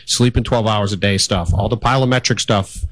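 A man with a lowish voice chats casually about basketball, leaning on "you know" and "like" as he works through history and numbers. The sound is dry and close. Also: moderate pace, a bit bright, dry recording. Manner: conversational, talks through stats and history with fillers. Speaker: basketball writer on a podcast. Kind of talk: casual sports chat.

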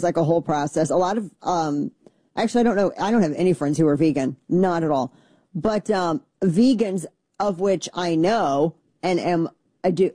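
A woman with a lowish, mellow voice talks off the cuff as a show host. She rambles, doubles back on herself and drops dry, sarcastic asides. The sound is close and dry. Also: no echo. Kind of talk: casual opinion commentary.

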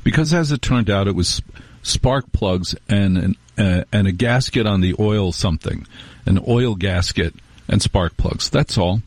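A man's voice: on the low side, measured pace, dry recording. A middle-aged man hosting a talk radio show, telling rambling, wry stories with restarts in a casual monologue.

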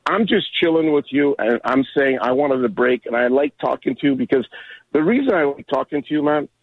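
Older male caller, sixties, husky voice, tinny phone line, friendly and rambling. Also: medium pitch, lively intonation, a little fast, no echo. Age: 60s. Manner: rambling, friendly, restarts often. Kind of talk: call-in chat.

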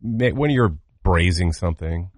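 A man from Massachusetts co-hosting a casual podcast chat, teasing and animated. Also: sits low, measured pace, no room sound, clean studio sound. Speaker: podcast co-host.

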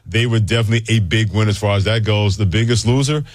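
A lower-voiced male radio host with a relaxed, easy delivery and a quick laugh. His voice sounds dry and close, with no room sound around it. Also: no room sound. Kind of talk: sports talk radio.

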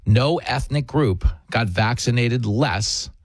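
A man's voice: medium pitch, takes it slowly, no echo. A man hosting a talk radio show, delivering an opinionated monologue in an emphatic, sarcastic way.

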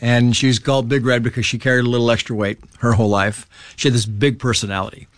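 Male guest, mid-pitched, chatty storyteller who jumps into quoted voices; dry close mic. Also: little pitch movement, quick pace, dry recording. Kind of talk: casual conversation.

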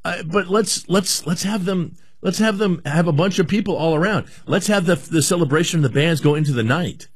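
A man's voice: a little high, fairly quick, few pauses, slightly rough, dry recording, clean studio sound. Emphatic ranting male radio host. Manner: emphatic, ranting, repeats himself. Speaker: radio talk show host. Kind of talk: opinionated radio talk.

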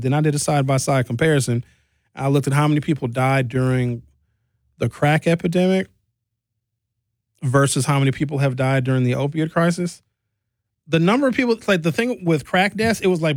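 A man giving an animated, emphatic commentary monologue with big jumps in emphasis. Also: dry recording. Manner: animated, emphatic, jumping pitch.

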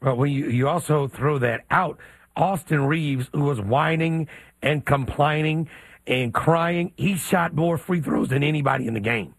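A man's voice: a little high, a little slow, slightly rough, no room sound. A man co-hosting a sports talk radio show, firing off pointed rhetorical questions.

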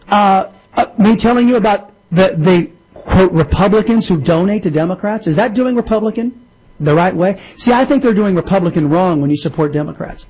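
In a radio studio, a man hosts a political talk show, ranting angrily and restarting frequently. His voice sits high with a darkish, breathy tone, he keeps a moderate pace, and the recording quality is low.

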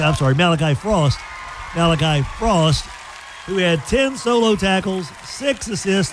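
A man hosting a sports radio show, chatty and folksy, telling stories in a lively way. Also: sits high. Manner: chatty, folksy, animated storytelling. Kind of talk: casual sports radio talk.

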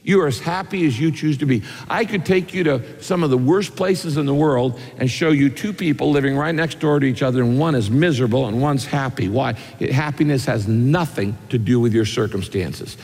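A man's voice: medium pitch, a little fast, few pauses, darkish tone, slightly rough, big-room sound. A man preaching a sermon, telling homey stories and asking rhetorical questions. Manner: folksy storytelling with rhetorical questions. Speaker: pastor.

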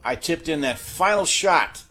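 Lively chatty male sports host. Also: on the high side, unhurried, soft background music. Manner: animated, chatty, with filler-heavy restarts. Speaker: sports talk host running a guessing game. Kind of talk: casual sports radio chat.

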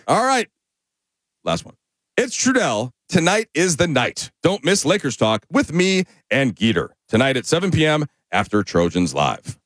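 A man's voice: fairly high pitch, huge pitch swings, moderate pace, few pauses, dry recording. A man recording short radio promos in a studio with a punchy delivery. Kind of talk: reading promo liners in the studio.

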